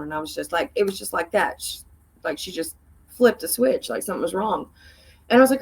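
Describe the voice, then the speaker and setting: A woman tells a story in a relaxed, conversational way, at a middling pitch. She laughs often and jumps her voice up high to act out what people said. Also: fast talker, gravelly, breathy edge, low-quality recording. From Tennessee. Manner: animated, laughs often, acts out quoted voices in a higher pitch. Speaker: podcast guest. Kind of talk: casual storytelling.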